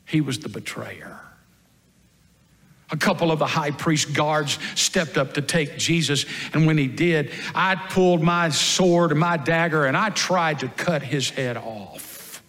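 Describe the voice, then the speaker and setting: A man playing the apostle Peter as a first-person dramatic monologue, telling the story earnestly and dramatically, moving between loud and hushed passages. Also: on the high side, a little slow. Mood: hushed, grave. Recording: long hall reverb.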